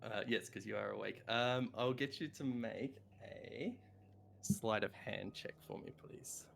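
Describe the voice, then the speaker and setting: A man narrating a tabletop game as game master, with a relaxed, chuckling narration. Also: on the low side, measured pace, gravelly, noisy background.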